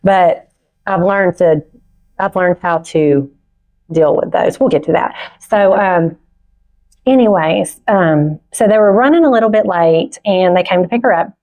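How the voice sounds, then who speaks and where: A middle-aged woman on a conference stage, giving a personal testimony in a heartfelt, halting storytelling manner. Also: on the low side, darkish tone. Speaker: conference speaker. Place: conference stage before an audience.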